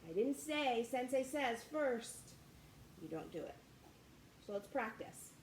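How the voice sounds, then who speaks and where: A young woman with a fairly high voice runs a kids' martial arts warm-up, calling out moves in a bright, sing-song coaching tone. She is recorded in an echoey room with a faint hum of ambient noise behind her. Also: expressive, slow. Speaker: kids martial arts instructor. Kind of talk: leading a children's exercise class.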